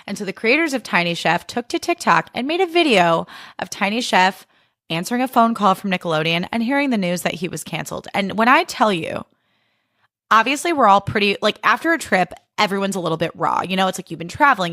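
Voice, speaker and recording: A young woman hosts a podcast alone in a candid, emotional, casual way and swears without holding back. Her voice sits at an ordinary middle pitch for a woman. It is recorded close and dry, with no room sound. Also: animated, fairly quick, a bit bright, no echo. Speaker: podcast host. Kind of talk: casual solo chat.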